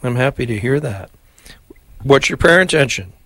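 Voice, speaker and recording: A man hosting a live radio prayer show, leading the rosary in a steady call-and-response cadence and chatting between decades. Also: medium pitch, normal speed, no echo. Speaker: radio host.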